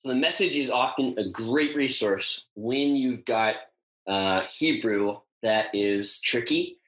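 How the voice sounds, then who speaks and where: A man's voice: lowish voice, a little slow, fairly bright tone. Man teaching scripture in a roomy space. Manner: thinking aloud, frequent ums and uhs. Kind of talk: casual teaching talk. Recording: roomy echo.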